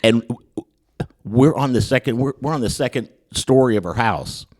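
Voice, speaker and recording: A man hosting a podcast, telling a funny personal story in casual chat, with many restarts and lively re-enactments. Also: medium pitch, normal speed. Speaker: podcast host.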